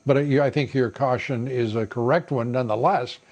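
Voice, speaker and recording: A man speaking as a guest on a news broadcast, measured and hesitant with frequent pauses. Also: mid-range voice, steady tone, a little mellow. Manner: measured, hesitant with many fillers. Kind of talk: broadcast interview.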